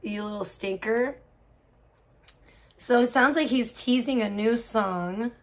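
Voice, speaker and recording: Speaking slowly in a voice on the high side, a livestream host chats casually from a room at home with cats. Her talk rambles with many fillers and restarts.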